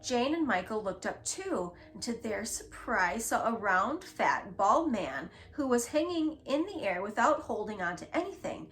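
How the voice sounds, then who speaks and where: A woman reads a classic children's story aloud, gentle and expressive. Her voice sits somewhat high. Faint music plays underneath. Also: measured pace, few pauses. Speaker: storybook reader. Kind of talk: children's book read-aloud.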